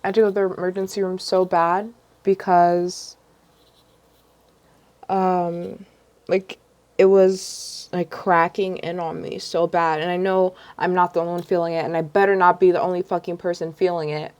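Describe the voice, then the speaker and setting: A woman's voice: on the low side, little pitch movement, moderate pace, a little mellow. A young woman vlogger chatting casually on a livestream, rambling with many ums and restarts.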